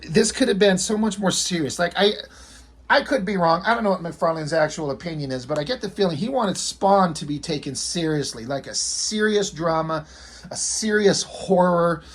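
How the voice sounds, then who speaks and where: A man's voice: sits high, lively intonation, normal speed. A man reviewing a comic book in a casual vlog, ranting with profane exasperation.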